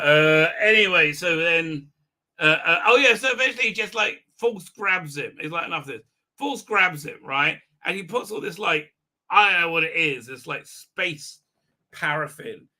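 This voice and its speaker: A man's voice: fairly high pitch, pushed and bright. A man hosting a livestream, giving rambling, exasperated, crude fan commentary full of fillers. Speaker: livestream host.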